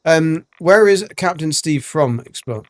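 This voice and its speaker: A man's voice: a little high, animated, a little slow, no echo, clean studio sound. A man giving casual, rambling gameplay commentary as a streamer, full of ums and restarts. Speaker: gaming streamer.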